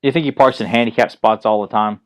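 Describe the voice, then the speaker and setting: A man's voice: fairly low pitch, steady tone, fast talker. A man co-hosting a casual podcast chat, telling a rambling, profane story with stammers and restarts. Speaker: podcast co-host.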